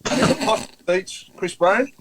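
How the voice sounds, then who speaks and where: A man's voice: sits high, moderate pace, background noise. A man, hosting a podcast and introducing the panel in an upbeat, jokey way. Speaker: podcast host.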